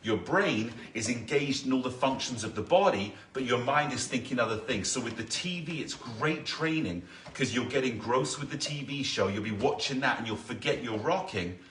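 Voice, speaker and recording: Male fitness instructor, live workout class, counting reps, step-by-step cues, middle pitch, echoey room. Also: moderate pace, few pauses, a bit bright, recorded from a distance, a little hiss or hum.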